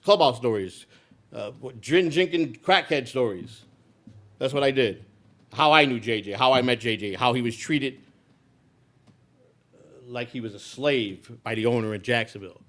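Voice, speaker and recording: A man telling a personal story in a live speech, blunt and profane, with frequent restarts. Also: medium pitch. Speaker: speaker.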